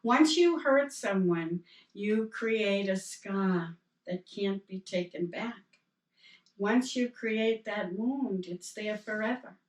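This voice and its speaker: A woman preacher speaks slowly and gently, at a middling pitch. She tells parables with little quoted voices and draws a lesson from them. Her voice sounds a little far from the mic, in a roomy space. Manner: slow, gentle storytelling with quoted dialogue. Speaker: reverend. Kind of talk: sermon.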